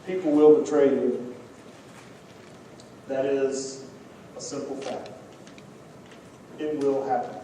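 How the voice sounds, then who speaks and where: A man with a Texan accent preaching a sermon as pastor, telling stories in a conversational way and dropping to quiet emphasis. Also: medium pitch, little pitch movement, takes it slowly, long pauses. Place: church sanctuary. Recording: echoey church from far off, faint noise.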